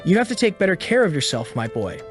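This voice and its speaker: A man's voice: high voice, big pitch swings, fast talker, faint music behind. A man doing a stern warrior father. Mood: boastful. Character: gruff middle-aged warrior father.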